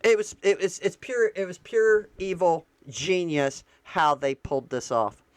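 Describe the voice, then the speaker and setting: A woman's voice: fairly low pitch, measured pace, no room sound. A woman vlogging political commentary, reading excerpts aloud and reacting, heated and indignant, repeating lines for emphasis.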